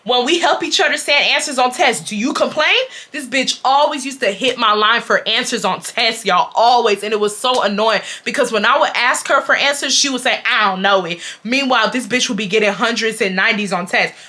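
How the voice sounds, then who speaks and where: A young woman in her twenties from Houston, speaking, telling a storytime to viewers in a blunt, profane, animated way. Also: a little high, fairly quick, few pauses. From Houston, Texas. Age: 20s. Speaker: vlogger.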